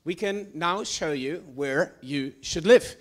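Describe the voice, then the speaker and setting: A man's voice: a little high, takes it slowly. A man hosting a demo day, making casual jokes and introducing the next presenter. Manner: casual, jokey, builds up the next speaker. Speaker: event host.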